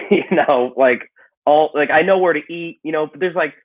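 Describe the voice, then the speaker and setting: On a casual podcast, a comedian who is moving cities talks in a Chicago accent, rambling, swearing, and saying "you know" a lot. His voice is fairly high and his pace normal, and the audio sounds tinny, like a phone.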